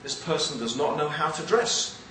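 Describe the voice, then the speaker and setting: An English man with a mix of upper-class and East London accents gives an animated, joking religious lecture to an audience. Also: on the high side, moderate pace, slight background noise. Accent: English, mixed with East London. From England. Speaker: Islamic speaker. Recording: very echoey hall, mic far off.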